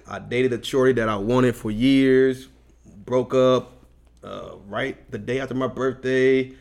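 A man co-hosting a podcast in easy, slangy chat. His voice has a gravelly fry to it. His pitch sits in the middle and his delivery stays relaxed. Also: measured pace. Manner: laid-back, slangy, chuckling. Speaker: podcast co-host. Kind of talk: casual chat.

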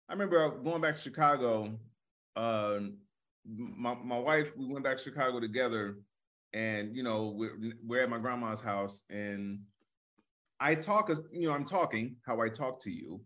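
A man's voice: mid-range voice, moderate pace, a bit bright. A male comedian co-hosting a podcast, chatting casually and animatedly, often repeating words as he starts a thought.

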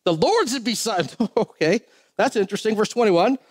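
A man's voice: high-pitched, expressive, moderate pace. A man preaching a sermon. He reads King James scripture aloud and breaks into casual, joking asides.

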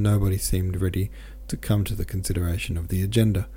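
A man's voice: low voice, quick pace, few pauses. A man narrating a classic novel as a podcast host, reading steadily and sometimes correcting slips. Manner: steady, with occasional self-corrections. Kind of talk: audiobook narration.

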